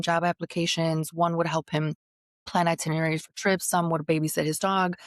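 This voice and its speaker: A woman's voice: sits low, gravelly, dry recording, studio quality. A woman guest on a podcast, candidly telling a long personal story in blunt, slangy casual chat.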